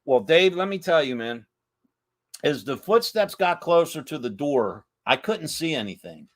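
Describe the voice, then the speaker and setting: Male co-host, casual, methodical explainer, slightly high voice. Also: lively intonation, measured pace. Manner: laughs often, explains step by step. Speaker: paranormal investigator co-host. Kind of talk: casual storytelling chat.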